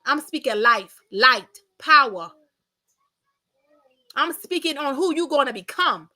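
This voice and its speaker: Sharp-voiced mocking woman commentator. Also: high-pitched, expressive, slow pace, pauses often. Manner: blunt, mocking, sassy. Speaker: commentary channel host. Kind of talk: reaction commentary.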